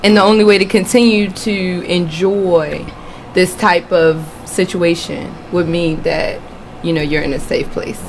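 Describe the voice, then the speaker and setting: A woman's voice: on the low side, steady tone, measured pace, a little hiss or hum, poor audio. A woman hosting a radio talk show, chatting in a playful, teasing way. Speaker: host. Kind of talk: casual chat. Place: radio studio.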